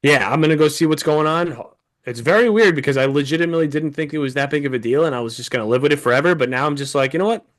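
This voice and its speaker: A man's voice: a little high, very fast. A man co-hosting a podcast, chatting casually and a bit short of breath, swearing often and acting out what he said. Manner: profane, storytelling, animated quoting. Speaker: podcast co-host. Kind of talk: casual chat.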